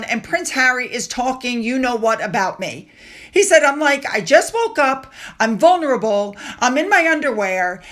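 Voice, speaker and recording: A woman's voice: sits high, sharp tone. A woman hosting a casual commentary vlog, chatty and sarcastic as she reads out quotes. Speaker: commentary channel host.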